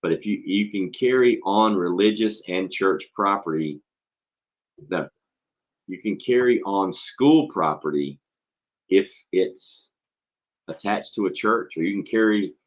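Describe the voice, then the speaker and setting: A man's voice: deep voice, a little slow. A man, a schoolteacher and host, telling stories in casual, profanity-laced chat. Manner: blunt, swears freely, tells stories animatedly. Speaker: podcast host and school teacher. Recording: dull lo-fi recording.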